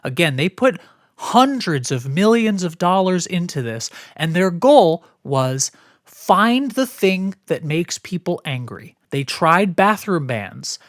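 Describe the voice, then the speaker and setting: A woman's voice: on the low side, very animated, slow, no room sound. A woman co-hosting a podcast in casual chat, frank and emphatic and swearing freely, on a close mic. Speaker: podcast co-host.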